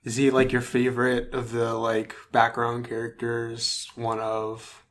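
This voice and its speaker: A man's voice: medium pitch, monotone, a little slow, a bit bright. A young man co-hosting a podcast, chatting casually and easily. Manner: easygoing, with lots of short agreeing replies. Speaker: podcast co-host. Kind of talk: casual chat.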